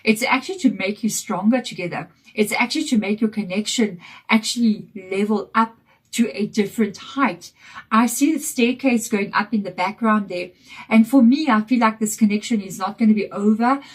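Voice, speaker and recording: A woman giving a casual tarot reading to camera, croaky from a chesty cold, reassuring and direct. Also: medium pitch, normal speed. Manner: reassuring and direct, checking in with "okay?". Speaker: tarot reader.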